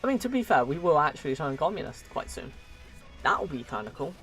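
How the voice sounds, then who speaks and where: A man's voice: a little high, big pitch swings, fairly quick, fairly bright tone, soft background music. A man giving casual, chatty commentary while live streaming a strategy game, laughing often and talking to his viewers.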